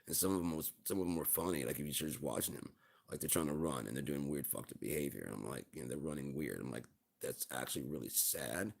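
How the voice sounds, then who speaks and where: A man's voice: very deep voice, quick pace, creaky, a little mellow. A man hosting a livestream, telling rambling stories in casual, profane chat. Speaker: livestream host.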